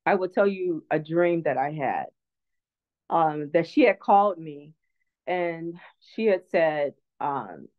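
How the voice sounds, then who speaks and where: A woman's voice: low voice, lively intonation, takes it slowly. A woman guest speaker, earnest and reflective, telling a personal story in an online talk. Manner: earnest, reflective, many restarts. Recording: tinny phone-line audio.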